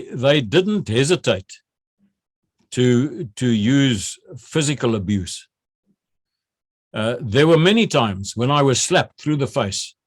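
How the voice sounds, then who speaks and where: An older man from South Africa, a retired general telling stories from his military training, often repeating words as he starts and acting out shouted drill calls. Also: mid-range voice, dry recording, studio quality. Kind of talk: recounting memories.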